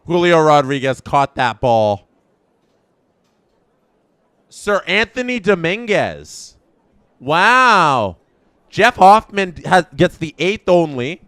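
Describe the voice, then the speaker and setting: Excitable Canadian man with a strained voice. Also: a little high, slow, long pauses, clean tone, no room sound. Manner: excitable, reacts loudly to plays. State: strained, worn-out voice. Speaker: watchalong host. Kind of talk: live baseball watchalong commentary.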